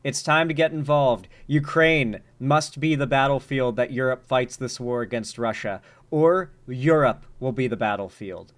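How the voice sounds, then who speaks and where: A man giving casual, animated commentary while reacting to news clips, urgent and joking by turns. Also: mid-range voice, unhurried.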